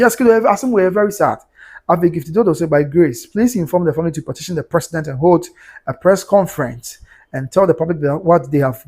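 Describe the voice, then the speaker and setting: A Ghanaian man hosts a livestream and reads his viewers' comments aloud, switching between Twi and English. His voice sits a little high and has a husky edge. He shifts between quiet prayer and brisk reading. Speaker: livestream host.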